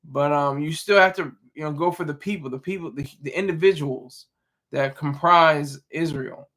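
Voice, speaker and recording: A man with a high, bright voice talks loosely off the cuff as a stream host, answering his chat. His delivery halts often, doubling back on words and correcting himself mid-sentence. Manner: rambling, halting, frequent restarts and self-corrections. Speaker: livestream host reading chat. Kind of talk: casual rambling commentary.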